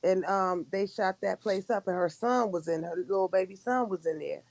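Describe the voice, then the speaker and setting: A woman's voice: medium pitch, moderate pace, a little mellow. A woman hosting a casual livestream chat, talking in a loose, rambling way with many restarts. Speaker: livestream host.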